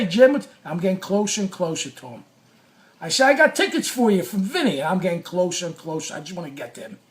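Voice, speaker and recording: A man telling a personal story in a casual, animated way, swearing often and acting out what he said. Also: sits high. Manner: animated, profane, reenacts his own quotes. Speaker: former sports radio caller.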